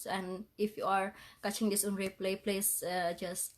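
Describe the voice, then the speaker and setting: In an emotional livestream vlog, a tearful woman who is a parent speaks directly to her viewers, her voice shaky from crying. Her medium-pitched voice barely rises or falls as she talks in halting phrases, apologizing repeatedly and half-laughing through her tears.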